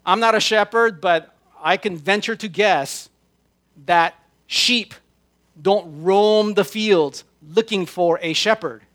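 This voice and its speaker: A man preaching a sermon, slowing down and stressing his words as he quotes scripture. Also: high-pitched, fairly bright tone. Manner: slow, emphatic preaching with drawn-out scripture quotes. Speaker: pastor.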